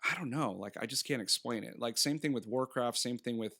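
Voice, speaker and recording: A man with a gravelly, bright and forceful voice, chatting casually in a rambling way as a podcast co-host. He laughs often and slips into quick impressions as he talks. He sounds to be in his thirties. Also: mid-range voice. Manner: rambling, laughing, acting out characters. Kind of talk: casual film review chat.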